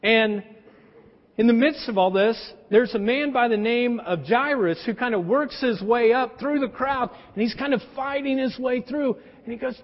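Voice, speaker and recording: High-voiced male pastor, lively casual storytelling from the pulpit, roomy hall reverb. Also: normal speed. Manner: animated storytelling, casual slang. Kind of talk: sermon. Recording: echoey hall, dull sound.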